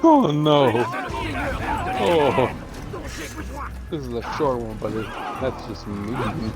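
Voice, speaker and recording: A young man co-hosting a gaming stream, telling corny jokes in a deadpan way. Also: medium pitch, slow. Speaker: co-host of a gaming channel. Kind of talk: casual let's-play banter. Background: game music.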